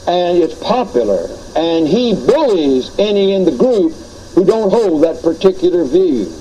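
A man's voice: sits high, big pitch swings, unhurried, mellow, breathy edge, dull audio. A man preaching a teaching sermon on doctrine, earnest and explanatory, often retelling anecdotes.

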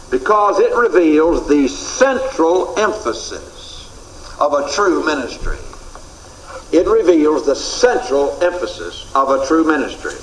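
Earnest guy giving a bible lecture, repeats the big points, roomy echo, bit of hiss. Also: on the high side. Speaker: Bible teacher. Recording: echoey room recording.

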